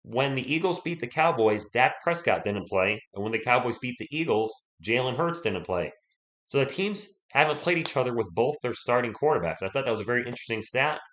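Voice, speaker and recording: A man chats loosely through a sports livestream, rambling from topic to topic and greeting viewers by name. His voice sits at a middle pitch and sounds a little worn as he gets over being sick. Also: lively intonation, a little fast, fairly bright tone. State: voice recovering from illness. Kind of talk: casual livestream chat.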